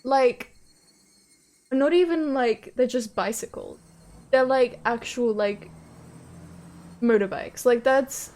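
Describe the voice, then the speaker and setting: A woman's voice: a little high, takes it slowly, long pauses, darkish tone. Young woman streamer reading aloud. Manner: laughs often, swears, chatty asides. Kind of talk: reading a visual novel aloud with commentary.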